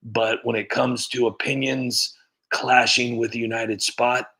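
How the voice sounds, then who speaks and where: A man's voice: mid-range voice, flat delivery, measured pace, pushed and bright, slightly rough. A man hosting a casual livestream, rambling and chuckling often while thanking viewers, talking close to a computer mic. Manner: rambling, chuckling, self-mocking. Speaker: livestream host and impressionist.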